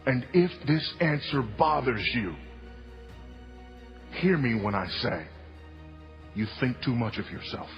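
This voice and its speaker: A man preaching a sermon with emphasis, repeating key lines and moving between hushed and loud delivery. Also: mid-range voice, big pitch swings, slow pace, long pauses, in a large hall, highs cut off, faint music behind. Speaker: pastor. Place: church sanctuary.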